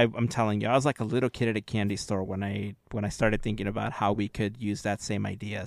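A man's voice: fairly low pitch, gravelly, no room sound. Man, podcast co-host, eager, thinking aloud, dry close sound. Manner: enthusiastic, thinks aloud with fillers. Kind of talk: casual podcast chat.

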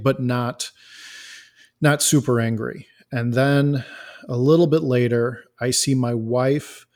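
A man's voice: medium pitch, darkish tone. A man from Illinois telling a personal story in an interview, earnest and emotional at times. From Illinois, USA.

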